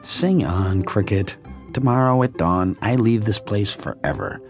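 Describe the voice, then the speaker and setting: A man's voice: on the low side, measured pace, over music. A man voicing a naughty, defiant wooden puppet boy in an audiobook. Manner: defiant, bratty.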